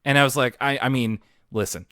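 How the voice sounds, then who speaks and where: A man's voice: medium pitch, brisk, a bit bright, no echo, studio quality. A man co-hosting a podcast, recapping a cartoon episode in casual chat and laughing often. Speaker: podcast co-host.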